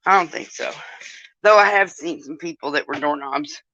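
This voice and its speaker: Here is an older female vlogger in casual live-stream chat, hurting and frequently groaning and cursing as she moves about. She has a low-pitched, fairly bright voice at a moderate pace, recorded with no room sound.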